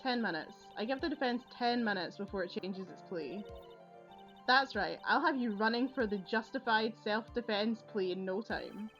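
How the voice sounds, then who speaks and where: Casting: woman voicing a cold, arrogant young female prosecutor for a video game, plain reading, mid pitch, dull lo-fi sound. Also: moderate pace, fairly bright tone, soft background music, lightly acted. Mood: haughty. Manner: arrogant, scornful. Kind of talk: reading game dialogue aloud.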